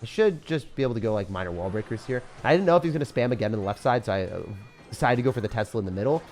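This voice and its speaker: A young male gaming commentator narrates his match live at a very fast pace, keeping up a running play-by-play while faint music plays underneath. Excitable and jokey, he pokes fun at his opponent and swings between loud, hyped bursts and quiet, muttered asides.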